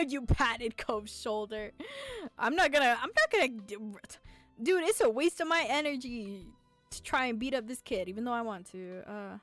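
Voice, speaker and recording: Reading a visual novel aloud as a let's play, a woman streamer with a slightly high, expressive voice keeps a moderate pace and a playful, giggly mood. She frequently breaks off to tease the characters and talk back at them, while soft game music plays faintly in the background.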